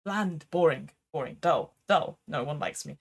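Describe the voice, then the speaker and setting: Self-pitying tiny doll figure, quiet and mopey, put on by a woman game master. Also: deep voice, expressive, normal speed, vocal fry, slightly rough, pitched below the performer's own voice, full character voice. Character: small sad male Ken doll, bland and self-pitying.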